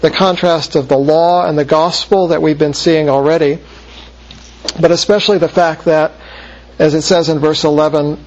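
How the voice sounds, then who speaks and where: Male Bible teacher, lecture delivery, slightly high voice, dull lo-fi recording. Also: a little mellow. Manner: measured, slows to stress key phrases.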